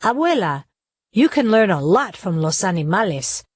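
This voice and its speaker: A woman voicing a kind old grandmother who gently tells her grandson a story, in a storybook play. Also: mid-range voice, very animated, normal speed, no echo. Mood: gentle. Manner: gentle explaining.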